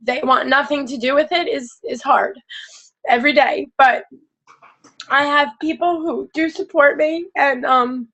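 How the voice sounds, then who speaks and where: A woman on a team conference call, sharing a personal struggle in a halting, heartfelt way. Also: high voice, steady tone, pushed and bright. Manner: halting, heartfelt, many restarts. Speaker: team member. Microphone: phone on a call.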